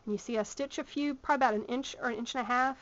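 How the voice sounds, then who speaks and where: Southern woman, sewing teacher, chatty with ums, slightly high voice, muffled lo-fi camera audio. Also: very fast. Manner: chatty, many ums, talks while working. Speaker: sewing instructor. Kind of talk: hands-on sewing tutorial. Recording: muffled lo-fi home video sound.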